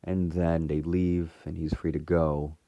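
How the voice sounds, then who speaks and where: Male fan reviewer, low mellow voice, rambling casual recap with lots of fillers. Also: flat delivery, a little slow, no room sound, dull audio. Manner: rambling, full of fillers and restarts. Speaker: fan reviewer retelling a TV episode.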